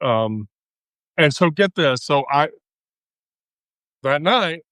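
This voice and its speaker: A woman hosting a live stream, telling a story in casual chat, animated and profane, laughing often. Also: deep voice, slow pace, dry recording.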